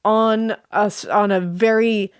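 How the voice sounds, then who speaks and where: A woman's voice: medium pitch, a little slow, clear, resonant tone, no echo, studio quality. A woman co-hosting a true crime podcast, chatting casually in a rambling, giggly way. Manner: giggly, rambling, animated storytelling. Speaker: podcast co-host. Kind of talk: casual chat.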